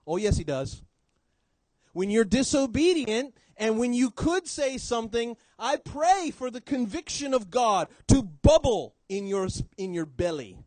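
A man preaching a sermon in church, swinging between loud emphasis and quiet low drops. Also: expressive, a little slow, no echo, poor audio.

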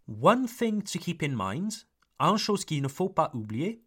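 Slow, lively-pitched Welsh man teaching. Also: slightly rough. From Wales. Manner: slow, careful, exaggerated pronunciation of example words; switches between English and French to explain. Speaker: English teacher. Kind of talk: podcast lesson for learners.

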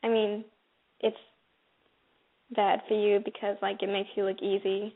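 A woman on a call-in show briefly voicing her rude ex-boyfriend, in a halting, reluctant way. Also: medium pitch, little pitch movement. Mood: dismissive. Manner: halting, reluctant, giggly delivery. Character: rude dismissive young man, ex-boyfriend. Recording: tinny phone line.

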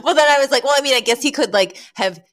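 Animated woman chatting, laughing often. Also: high voice, fast. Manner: animated, laughs often, acts out lines from scenes. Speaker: podcast co-host. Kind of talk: casual chat recapping a sitcom episode.

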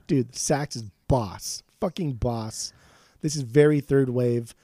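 A man's voice: medium pitch, takes it slowly, dark tone, dry recording, clean studio sound. A man co-hosting a casual music podcast, blunt, profane and jokey. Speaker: podcast co-host.

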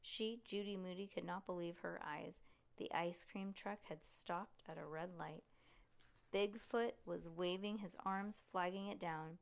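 A woman reading a children's book aloud in a lively way, with occasional slips and restarts. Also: lowish voice, a little slow, vocal fry. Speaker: reader.

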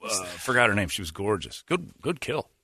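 Brisk, lively-voiced teasing man. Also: fairly low pitch, crowd noise. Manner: teasing, prodding for gossip. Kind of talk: casual chat, teasing questions.

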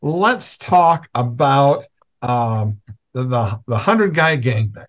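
Male host on a video call, mid pitch, halting and filler-heavy. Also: expressive, fairly bright tone. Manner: halting, fills gaps with uh and um. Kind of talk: interview questions on a video call.

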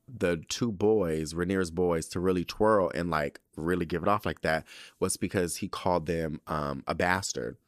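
A man hosting a podcast, recapping a TV episode in an animated, profane, sassy storytelling way. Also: low-pitched, no room sound, clean studio sound. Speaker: podcast host.

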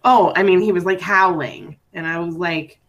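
Woman with a cold telling a funny story, lowish voice, swears casually. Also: fairly bright tone. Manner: quick reactions, swearing, joking. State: has a cold. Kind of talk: casual chat.

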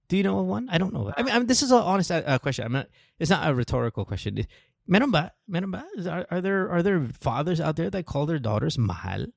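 A man hosts a casual talk show, teasing his guest with probing questions. His voice sits high and swings widely, recorded close and dry. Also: sing-song, quick pace, creaky, no room sound. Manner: teasing, probing questions, mixes English and Tagalog. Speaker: podcast host. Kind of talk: casual chat.

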